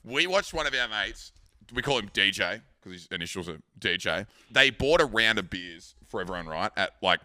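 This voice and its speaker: A young Australian man telling rowdy, profane party stories on a casual podcast, acting out other people's lines in quick quoted voices. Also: fairly low pitch, expressive, sharp tone, no echo, studio quality. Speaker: podcast host. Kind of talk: casual storytelling chat.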